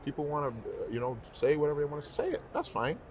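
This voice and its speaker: A man's voice: a little high, quick pace, a little hiss or hum. A man who sings professionally, speaking as a guest in a casual interview chat, emphatic and heartfelt, repeating himself for stress. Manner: emphatic, animated storytelling.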